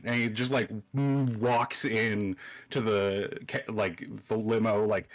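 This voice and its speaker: A man's voice: lowish voice, measured pace. A man describing his character in a tabletop game, rambling with lots of filler words. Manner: rambling, full of "like". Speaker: tabletop player.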